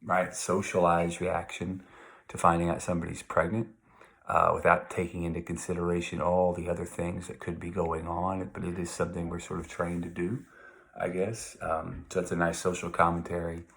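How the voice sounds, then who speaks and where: A male teacher walking his class through a novel in a relaxed, conversational lecture. His voice sits very low with a gravelly fry. He drifts into asides and reads passages out loud as he goes. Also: moderate pace. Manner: conversational, digressive, reads quotes aloud. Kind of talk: recorded literature lecture.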